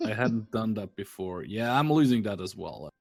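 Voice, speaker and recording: A man's voice: lowish voice, very animated, moderate pace, creaky, darkish tone. A man co-hosting a let's play, chatting and joking casually as he plays, laughing often. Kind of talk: casual gameplay commentary.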